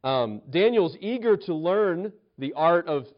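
A man's voice: a little high, lively intonation, measured pace, muffled recording. A male pastor preaching a sermon, telling a story with frequent restarts and acted-out quotes.

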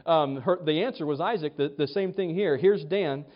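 A man's voice: fairly high pitch, moderate pace. A man preaching a sermon in a conversational way, often restarting and acting out quotes. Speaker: pastor. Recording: dull lo-fi sound.

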